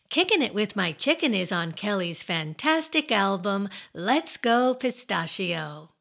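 Lively, husky woman hosting a kids' show. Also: medium pitch. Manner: sing-song and silly, asking kids questions. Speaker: children's radio show host. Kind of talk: playful chat to young children.

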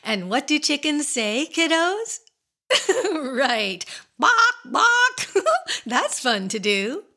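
A woman hosting a children's radio show, talking playfully and singing slowly to small kids. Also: sits high. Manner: slow, sing-song, animated talk to kids.

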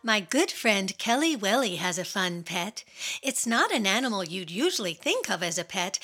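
A woman's voice: on the high side, sharp tone. A woman hosting a children's radio show, bubbly and sing-song, talking straight to the kids listening.

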